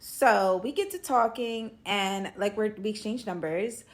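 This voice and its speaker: A woman telling a casual storytime tale, slangy and animated, acting out the dialogue. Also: mid-range voice, a little slow.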